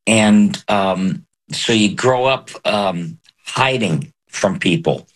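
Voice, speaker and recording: A man who is a voice actor, speaking earnestly and haltingly as a guest in an interview. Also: low-pitched. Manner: halting, earnest, soft-spoken. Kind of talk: candid interview talk.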